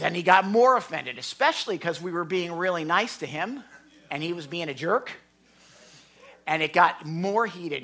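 A man preaching a sermon, telling a story in an animated way, often repeating words and restarting. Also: fairly high pitch. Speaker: pastor.

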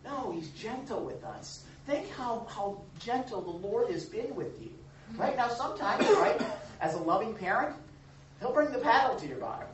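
A man pastor delivers a lively, conversational sermon. He is heard from a distance in an echoey room with faint ambience behind him. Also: high-pitched, moderate pace, background noise. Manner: animated, acts out quoted voices, chuckles. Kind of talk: sermon with congregation. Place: church or meeting room.

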